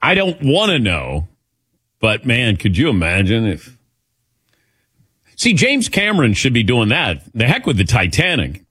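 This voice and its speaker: Radio host, male, sixties, expressive and chatty, dry close mic. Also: mid-range voice, unhurried, pauses often, slightly rough, dry recording. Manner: animated and chatty, laughs easily. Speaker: sports talk radio host. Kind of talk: casual call-in chat.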